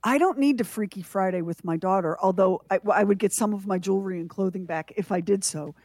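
A woman's voice: mid-range voice, brisk, darkish tone, dry recording. A woman co-hosting a radio show, chatting in a playful, joking way. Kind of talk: comic morning radio chat.

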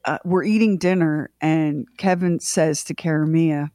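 A woman's voice: deep voice, a little slow, no room sound, clean studio sound. A middle-aged woman co-hosting a morning radio show, retelling a family story dramatically with lots of restarts. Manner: animated, dramatic retelling with restarts and acted-out quotes. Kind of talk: casual on-air storytelling.

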